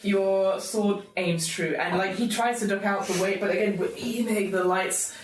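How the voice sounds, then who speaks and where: A woman's voice: medium pitch, fairly even intonation, moderate pace, distant mic, slight background noise. A woman running a tabletop role-playing game as game master, describing the action vividly. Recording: roomy, from off mic.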